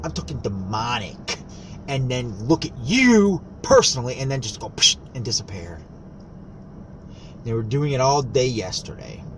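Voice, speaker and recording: A man's voice: mid-range voice, sing-song, moderate pace. A man vlogging outdoors by a road, talking in an agitated, conspiratorial way and swearing often. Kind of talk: rambling outdoor vlog. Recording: loud outdoor traffic noise. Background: traffic and street ambience.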